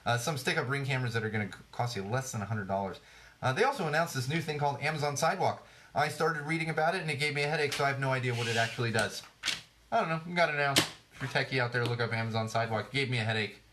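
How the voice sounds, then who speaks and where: A man's voice: mid-range voice, rapid-fire, noisy background. Male podcast host, jokey and sarcastic, rambling and a bit worn out. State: tired. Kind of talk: casual live-stream podcast chat.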